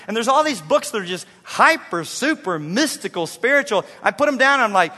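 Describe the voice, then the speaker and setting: A man preaching a sermon as a pastor, emphatic and swinging between soft and loud passages. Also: high voice, expressive, a little fast, in a large hall.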